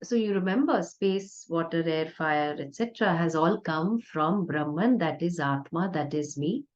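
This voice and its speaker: A woman spiritual teacher giving a conversational, playful discourse with soft laughs. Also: deep voice, expressive, measured pace. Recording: dull lo-fi recording.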